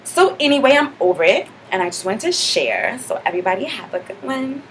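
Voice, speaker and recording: A woman with a slightly high, very animated voice talks a little fast over slight background noise. She plays a sassy, confident young clubgoer in a comedic monologue, chattering in mock indignation with constant "like," for a character comedy vlog.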